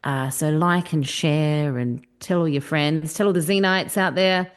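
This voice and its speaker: A woman's voice: low voice, a little slow, clean tone. An Australian woman co-hosting a podcast, laid-back and cheeky in casual chat. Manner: laid-back and cheeky, swears and laughs freely. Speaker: podcast co-host.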